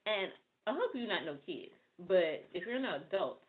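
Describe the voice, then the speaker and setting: A woman chatting casually with her livestream viewers, excitable and thinking out loud. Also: mid-range voice, normal speed, very noisy. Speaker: livestream host. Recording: tinny phone-like audio.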